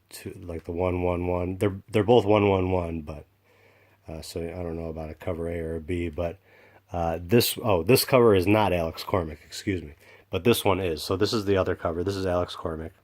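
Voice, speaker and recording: A man casually showing off comic books in a rambling vlog, excited and full of fillers and restarts. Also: low voice. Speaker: comic book collector vlogger. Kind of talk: casual show-and-tell vlog.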